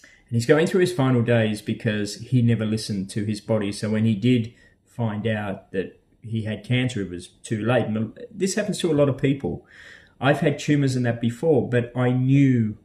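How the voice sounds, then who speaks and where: A man's voice: medium pitch, normal speed, darkish tone. Rambling, hesitant Australian man. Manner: rambling and hesitant, with many ums and uhs. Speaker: vlogger. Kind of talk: casual to-camera vlog.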